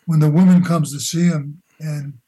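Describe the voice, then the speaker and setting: Older male guest, halting and reflective; warm, dark tone, slightly high pitch. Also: fairly even intonation, breathy edge, rough recording. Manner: halting, searching for words with many restarts. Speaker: guest, philosopher and boxing coach. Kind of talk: conversational interview.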